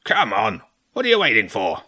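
Grumpy old badger king played by a male reader: barking, bossy, lively swooping pitch, sharp bright edge, storybook character. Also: normal speed, full character voice.

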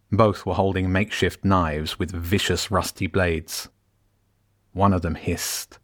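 Deep-voiced male storybook narrator.

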